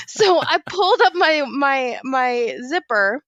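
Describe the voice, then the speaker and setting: A woman's voice: sits high, lively intonation, slow pace, a bit bright, no echo. A woman co-hosting a podcast, telling a story in a casual chat and laughing often as she goes. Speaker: podcast co-host.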